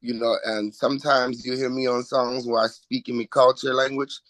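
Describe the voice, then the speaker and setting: A man's voice: mid-range voice, level tone, moderate pace, fairly bright tone, no echo, rough recording. Upbeat D.C. man promoting music. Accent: Washington, D.C. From Washington, D.C. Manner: upbeat, self-promoting, chuckles often. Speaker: recording artist, interview guest. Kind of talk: casual interview talk.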